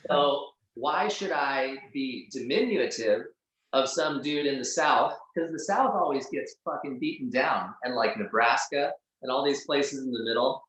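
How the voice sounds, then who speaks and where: A man's voice: mid-range voice, a little slow, fairly bright tone. A man talking as a podcast guest in loose, profane casual conversation, leaning on filler words. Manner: loose and profane, heavy use of "like". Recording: very echoey room.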